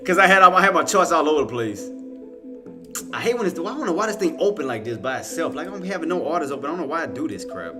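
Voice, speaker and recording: A man's voice: a little high, sing-song, quick pace, music in the background. A man giving casual, rambling live trading commentary, talking to himself, laughing often and using slang. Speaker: stock trading streamer.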